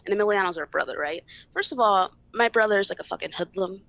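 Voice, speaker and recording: A woman's voice: mid-range voice, quick pace, vocal fry, a bit bright, no echo. A young woman guest on a podcast, bluntly retelling a family argument with lots of swearing and acted-out dialogue. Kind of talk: casual storytelling chat.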